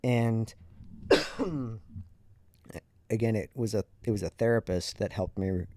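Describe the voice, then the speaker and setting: A man's voice: on the low side, slow pace, a little mellow, no echo. A man in his thirties, a podcast host, candidly and reflectively telling a personal story in a conversational way.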